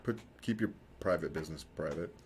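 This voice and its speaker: A man's voice: very deep voice, a little fast, darkish tone, a little hiss or hum. A man co-hosting a casual talk show, rambling and correcting himself, chuckling often. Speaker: podcast co-host. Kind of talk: casual chat.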